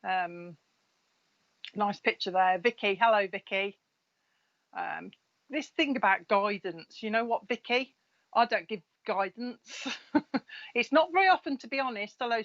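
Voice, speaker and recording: A woman's voice: mid-range voice, measured pace, a bit bright. Chatty woman medium on a livestream. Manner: chatty, friendly, laughs between names. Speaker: spiritual medium hosting live readings. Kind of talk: casual live-stream chat greeting viewers. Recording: slightly dull lo-fi live-stream audio.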